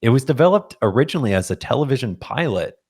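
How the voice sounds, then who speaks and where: A man co-hosting a casual movie-review podcast, talking in an excitable way with lots of exclamations. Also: mid-range voice, quick pace, breathy edge. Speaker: podcast co-host. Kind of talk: casual chat.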